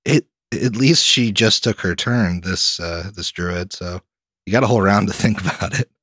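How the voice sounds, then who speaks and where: A man's voice: deep voice, normal speed, a bit bright, breathy edge, no room sound, clean studio sound. A young adult man hosting a tabletop game podcast, joking and crude in casual banter. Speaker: game master and host.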